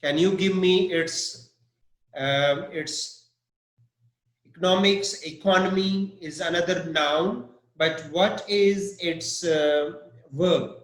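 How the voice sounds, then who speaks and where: A man's voice: high-pitched, takes it slowly, a bit bright, reverberant, low-quality recording. A man teaching an English vocabulary lesson, spelling out words letter by letter and stressing syllables.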